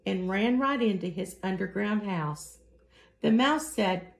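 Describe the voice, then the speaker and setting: A woman reading a children's picture book aloud in a slow, expressive storytelling manner. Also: mid-range voice, gravelly. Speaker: story reader.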